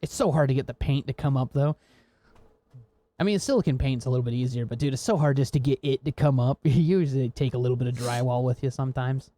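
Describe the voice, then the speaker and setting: A man's voice: mid-range voice, quick pace, mellow. An American man co-hosting a podcast, telling rambling, laughing, swear-filled work stories in casual chat. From United States. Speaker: podcast co-host.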